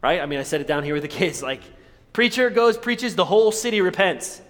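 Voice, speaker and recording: A male pastor preaching a sermon, animated, jumping from loud exclamations to hushed, near-whispered lines. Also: high voice, brisk, long reverb tail.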